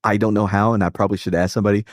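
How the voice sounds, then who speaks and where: A male live-stream host with a lowish voice rambles through loose opinions and swears freely. He keeps cutting himself off and restarting. The sound is dry and close-miked. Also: level tone, very fast, no echo. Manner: rambling and profane, with many restarts and self-interruptions. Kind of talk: casual live-stream chat.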